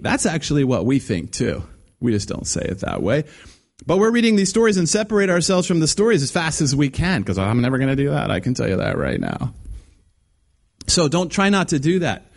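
A man preaching a conversational sermon, acting out quoted voices with many restarts. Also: fairly high pitch. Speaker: guest preacher.

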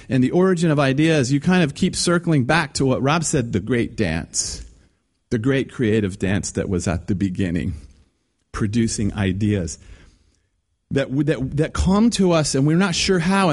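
Animated preacher man, lively pitch. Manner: animated, acts out quoted voices, many restarts. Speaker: guest preacher. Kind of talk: conversational sermon.

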